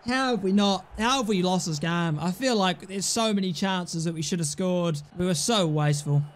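A young man commentating his own football game play, excitable, grumbling at misses and yelling at goals. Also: high-pitched, normal speed, slight background noise. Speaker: gaming YouTuber. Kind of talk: casual gameplay commentary.

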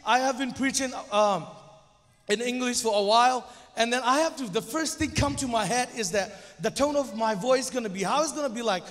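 Young male guest preacher, second-language English speaker (Zomi native), high voice, halting and nervous delivery, long church reverb. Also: a bit bright. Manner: hesitant, stumbling and restarting. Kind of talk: church sermon.

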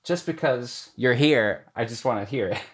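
A man's voice: mid-range voice, animated, normal speed, slightly rough. A man with a Midwestern accent hosting a casual music vlog, talking in an earnest, musing way with playful asides. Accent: Midwestern American. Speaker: music video host. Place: music studio.

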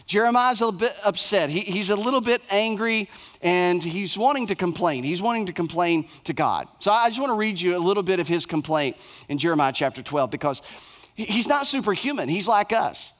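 A male pastor preaches a sermon in a fairly high, expressive voice at a brisk pace. He builds his points through short, repeated phrases and goes soft and low during the sorrowful passages.

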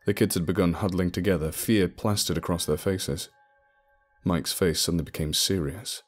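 A man with a very deep, husky voice narrates a scripted horror story in a steady, low-key manner. Soft music plays quietly under his voice. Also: moderate pace.

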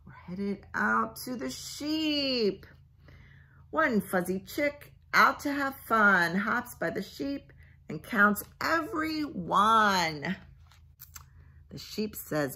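A woman librarian reading a picture book aloud at bedtime, gently asking the children questions and sinking into a hushed near-whisper. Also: a little high, animated, slow, husky.

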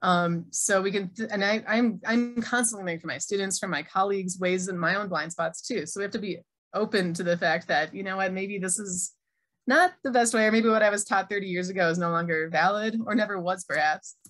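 Delivering a conversational keynote at an online conference, a middle-aged Arabic teacher from Minnesota with an American accent reads audience chat replies out loud. She speaks mid-range, a little fast, with a fairly bright tone.

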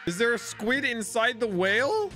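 A young man hosting a casual anime reaction video, excitable and exclaiming, swinging between hype and dismay. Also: very high voice, moderate pace, faint music behind.

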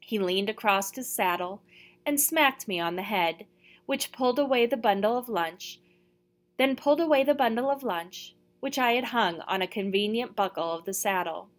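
A woman narrating a first-person novel in a steady, measured storytelling voice. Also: mid-range voice. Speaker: audiobook reader.

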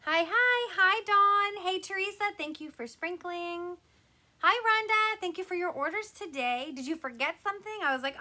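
A chatty woman hosts a live crafting stream with a high, bright voice. She greets her viewers one by one and keeps the talk light and casual. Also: animated, moderate pace.

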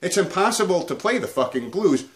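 A man's voice: high voice, very animated, brisk. A man hosting a comedic guitar video, ranting crudely and swearing nonstop. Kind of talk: profane comedic rant to camera.

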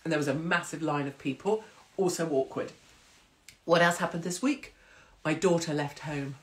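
A woman in her forties chats to her livestream viewers. She tells stories in an animated way and acts out the other people's voices. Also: low-pitched, normal speed. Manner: chatty, animated storytelling with acted-out voices. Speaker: livestream host. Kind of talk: casual chat to live viewers.

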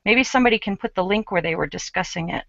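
Bright, chatty woman craft host. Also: mid-range voice, fast, vocal fry, no room sound, highs cut off. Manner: chatty, self-mocking, explains while working. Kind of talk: casual live craft chat.

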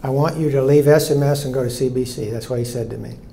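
Older male pastor, sixties, earnest storytelling sermon, mellow tone, faint room hum. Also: mid-range voice, fairly even intonation, fast talker, vocal fry, roomy sound. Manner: earnest, storytelling preacher who repeats key lines.

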